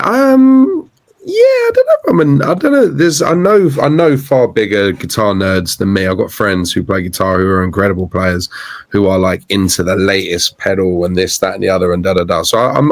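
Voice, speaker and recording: A man's voice: lowish voice, big pitch swings, normal speed, no echo. A man chatting casually as a podcast guest, rambling through stories with frequent restarts. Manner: rambling, storytelling with many restarts. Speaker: guest filmmaker and guitarist.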